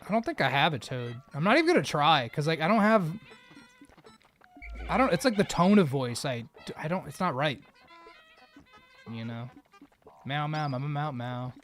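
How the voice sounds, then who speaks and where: A man casually chatting on a live stream while gaming, jokey and rambling, quick to laugh at himself. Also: fairly high pitch, big pitch swings, fairly bright tone, soft background music.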